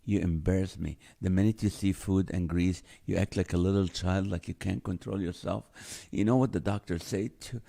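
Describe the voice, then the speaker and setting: A stubborn, scolding stomach that lectures its owner in a low, hushed, grumbling voice, as a man puts it on in a comedy bit. The voice sits in a lower register and comes out subdued, like a late-night telling-off. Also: steady tone, normal speed, gravelly.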